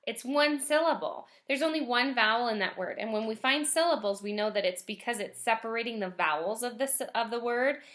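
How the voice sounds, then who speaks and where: Woman, first grade teacher, bright clear voice, slightly high, gentle and encouraging, stretches words out slowly. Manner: slow, stretched-out sounding of words. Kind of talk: recorded remote lesson for children.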